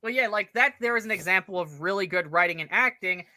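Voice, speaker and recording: A man's voice: high-pitched, fast talker, sharp tone. A man co-hosting a casual show review, analytical and rambling, with the odd curse. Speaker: co-host reviewer.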